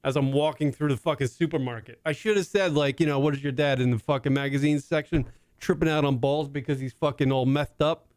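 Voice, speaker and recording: A man in his thirties co-hosts a comedy talk podcast, telling stories in a profane, animated way. His voice sits a little high. The sound is dry and close to the mic. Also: fairly quick, no echo. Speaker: podcast co-host. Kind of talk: casual comedy chat.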